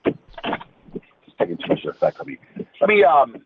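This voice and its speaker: A man's voice: medium pitch, huge pitch swings, unhurried. A man on a phone call, ranting angrily with heavy swearing and stammered restarts. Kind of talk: heated phone conversation. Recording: tinny phone line with faint noise.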